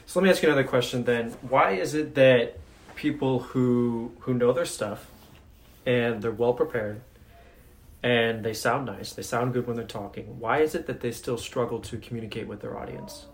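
A man interviewing a guest, posing a question in a measured, thoughtful way. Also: medium pitch. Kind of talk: conversational interview.

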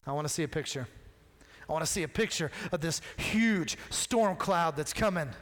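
High-voiced pastor in a reverberant hall. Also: male voice, normal speed. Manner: animated storytelling, acting out dialogue in a casual modern voice. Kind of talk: sermon. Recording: long reverb of a large hall.

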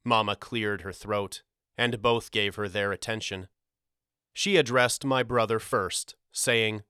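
A man narrating a storybook audiobook in a measured, expressive reading. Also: medium pitch, clear, resonant tone, no echo, clean studio sound.

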